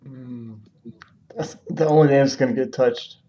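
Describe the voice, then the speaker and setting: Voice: medium pitch, fairly even intonation, normal speed, warm tone, muffled recording. A tabletop player making brief wry remarks. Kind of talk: casual tabletop play. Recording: noisy.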